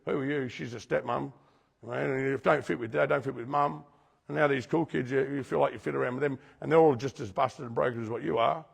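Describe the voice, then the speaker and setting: A man preaching to a recovery group, with a deeply gravelly, husky voice that rings out with long hall reverb. He repeats himself for emphasis and keeps putting questions straight to his listeners. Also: fairly even intonation, brisk. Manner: repetitive, questions the audience directly. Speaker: speaker teaching a recovery group. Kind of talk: preaching-style talk to a group.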